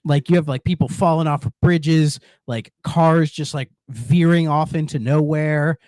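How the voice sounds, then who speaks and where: A podcast co-host with a fairly high voice rambles casually about retro games at a measured pace, animatedly acting out game lines in silly voices. The recording is dry and studio quality.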